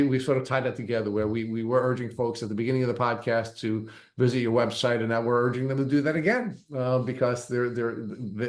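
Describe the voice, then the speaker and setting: A man hosting a podcast, talking in a halting way with many restarts and uhs. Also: mid-range voice. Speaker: podcast host. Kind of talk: casual interview chat. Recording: echoey room.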